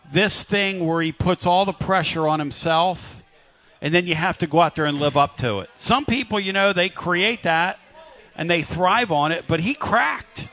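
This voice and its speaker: High-pitched, bright sports radio host. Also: male voice. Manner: loud, hyped, crowd-rallying. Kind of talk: live sports talk radio broadcast. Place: live remote broadcast at a riverside restaurant.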